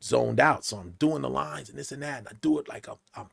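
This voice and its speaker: A man in his late forties, a podcast guest telling stories in an animated way, acting out the voices of the people in them. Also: medium pitch, fast talker, vocal fry. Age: late 40s. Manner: lively, acts out quotes in big jumps of voice. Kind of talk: animated storytelling interview.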